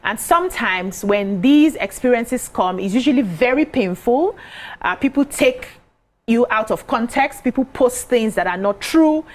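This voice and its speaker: A woman presenting a live TV talk show, speaking in a clear, measured, welcoming way. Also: a little high, expressive.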